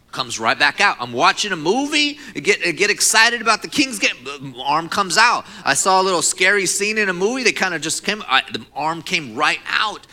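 A young man preaching a sermon, leading a prayer and telling a personal story with rising passion. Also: medium pitch. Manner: impassioned, rising to near-shouts for emphasis. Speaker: pastor.

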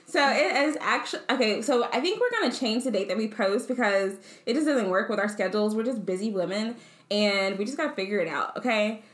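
A woman's voice: mid-range voice, a little fast, roomy sound. A young woman co-hosting a podcast, teasing her friend and laughing often. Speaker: podcast co-host. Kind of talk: casual chat.

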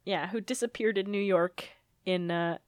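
A woman co-hosting a podcast in casual chat, easygoing and quick to laugh. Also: medium pitch, dry recording, clean studio sound. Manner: laughs often, slow and easygoing. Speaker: podcast co-host.

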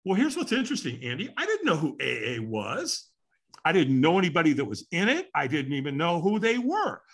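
A man's voice: on the high side, wildly swooping pitch, fairly quick, fairly bright tone, slightly rough. An older man from California, a guest in an interview, tells his personal story earnestly and candidly and voices his own past thoughts aloud.

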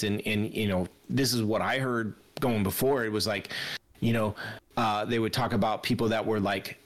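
A man talking in a loose, rambling podcast chat, swearing often and getting heated as he goes. His voice sits at an ordinary pitch for a man. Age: adult, grew up in a scene with youth fights.

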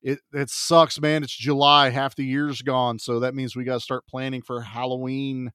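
A man's voice: mid-range voice, level tone, normal speed, a bit bright, smooth, no echo, clean studio sound. A man co-hosting a podcast in a casual, chatty and joking way. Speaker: podcast co-host.

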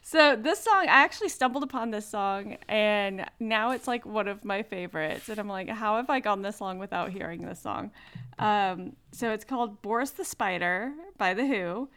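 Chatty woman with a smooth voice. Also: medium pitch, moderate pace, fairly bright tone. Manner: chatty, lots of fillers and laughter. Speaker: podcast co-host. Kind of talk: casual chat.

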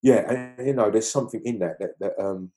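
A lowish, dark-toned voice belongs to a middle-aged man, a guest from a film crew, who speaks a little fast. He chats informally in an interview and keeps asking "you know what I mean" after nearly each point.

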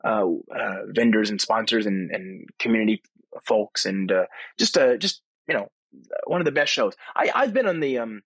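On location at a tech conference abroad, a podcast host delivers a casual, enthusiastic monologue full of fillers and restarts. His lowish voice is expressive with vocal fry and a bit of brightness, at normal speed, on a slightly rough, dry recording.

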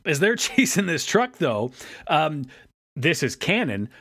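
Lively bright-voiced man recapping. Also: on the high side, dry recording. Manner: animated, jumps into quick character voices when quoting. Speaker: podcast co-host. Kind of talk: casual episode recap chat.

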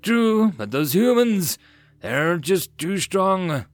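A man voicing a hot-tempered male fleet master who speaks loudly and forcefully. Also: high-pitched, very animated, slow pace, dry recording, voice pushed up, heavily acted.

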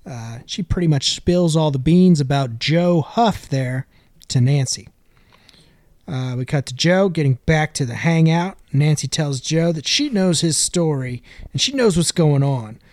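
A man's voice: on the high side, expressive, unhurried, a little mellow, dry recording, clean studio sound. A man hosting a casual podcast, recapping a film scene by scene with jokey asides. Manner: laid-back, narrates scenes with jokey asides. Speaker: podcast host.

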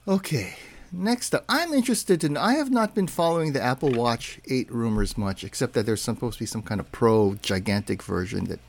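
A man's voice: medium pitch, lively intonation, a little fast, vocal fry. A man co-hosting a casual tech podcast, chatty and rambling, often correcting himself mid-sentence. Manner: chatty, rambling, self-correcting with many fillers. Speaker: podcast co-host.

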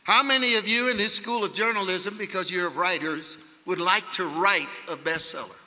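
A man preaching a sermon at a conference, telling a story emphatically and rising to shouts. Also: high-pitched, moderate pace. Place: large conference hall. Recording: long hall reverb.

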